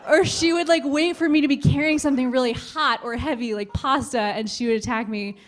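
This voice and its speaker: A woman in her twenties performing a stand-up routine on a club stage, telling a story with animated delivery and acted-out voices. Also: sits high, fairly quick, slight background noise. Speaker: stand-up comedian.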